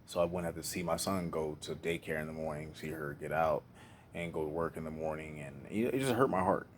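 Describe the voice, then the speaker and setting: A young man with a very low, deep voice tells his own hard story, raw and candid, cursing freely and breaking off to restart his sentences. A faint hiss of background noise sits under the recording. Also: fairly quick. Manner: emotional, candid, profane, trails off and restarts. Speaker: speaker sharing life story. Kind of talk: personal storytelling monologue.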